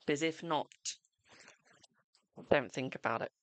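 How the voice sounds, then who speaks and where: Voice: mid-range voice, slow pace, dry recording. A host giving live-streamed tarot readings in a chatty, reassuring way, calling viewers darling.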